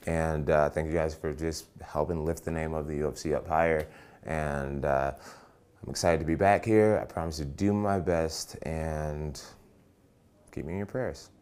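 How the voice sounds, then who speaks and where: An extremely deep-voiced man chats in a relaxed interview, excited and upbeat about his topic. He often starts a phrase twice before he finishes it, and he sounds like a professional fighter talking. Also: normal speed, clear, resonant tone. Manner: enthusiastic, restarts often, relaxed. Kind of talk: casual interview.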